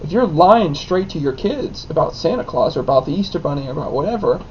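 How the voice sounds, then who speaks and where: A young married man, the son of his co-host, telling a story in an animated way with lots of "like". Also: fairly high pitch, fast talker. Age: young adult. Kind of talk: casual storytelling. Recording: dull lo-fi with faint noise.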